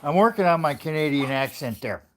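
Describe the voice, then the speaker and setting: A man's voice: on the high side, animated, fairly quick, heavy background noise. A man chatting casually on a home livestream, rambling and friendly with many uhs. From United States. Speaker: livestream host. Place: living room at home.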